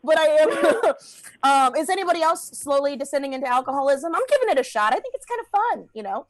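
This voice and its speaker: A young woman performing a stand-up set, brash and profane, laughing through her lines and acting out the people in her stories in quieter voices. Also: high voice, animated, fast, no echo. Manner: brash, profane and self-mocking, often laughing mid-line; acts out other people in a quieter voice. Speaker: stand-up comedian. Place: Los Angeles.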